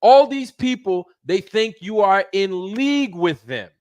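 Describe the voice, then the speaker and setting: A man's voice: high-pitched, animated, a little slow, no room sound. A man hosting his channel, delivering an angry, profane rant full of repeated phrases. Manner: heated, profane, repeats himself. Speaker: channel host.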